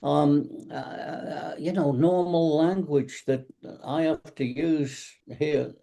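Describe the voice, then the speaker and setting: Man, qigong teacher, gravelly, mellow, rambling anecdotes, video call. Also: on the high side, steady tone, slow pace. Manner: rambling, anecdotal, acts out cab drivers' lines. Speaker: tai chi and qigong teacher. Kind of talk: casual online panel talk.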